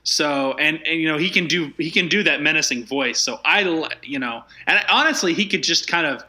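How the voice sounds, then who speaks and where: A man co-hosting a podcast in easygoing chat. His voice is slightly high and very bright and forward. He rambles, circling back and restarting his sentences as he goes. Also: moderate pace. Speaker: podcast co-host. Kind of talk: casual chat.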